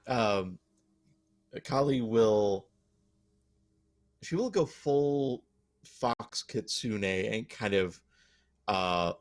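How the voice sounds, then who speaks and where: Man, tabletop player, low voice, slow, laid-back. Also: animated. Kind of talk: casual tabletop narration.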